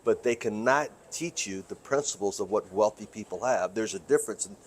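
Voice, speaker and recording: A man giving an energetic talk as a motivational speaker, telling stories and repeating key phrases for emphasis. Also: fairly low pitch, brisk. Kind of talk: energetic storytelling interview.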